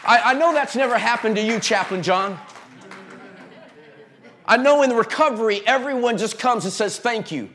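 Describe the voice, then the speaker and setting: A man preaching a sermon as pastor, impassioned and repetitive, with stammered restarts and sudden drops to a hush. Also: very high-pitched, expressive, normal speed, pauses often, a faint crowd. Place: church.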